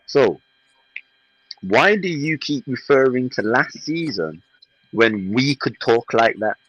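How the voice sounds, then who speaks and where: A man with a husky voice, a podcast co-host arguing indignantly in heated football banter and mocking his rival's words. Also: mid-range voice, expressive, slow, a bit bright, no room sound, dull audio. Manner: indignant, exasperated, mocking quotes.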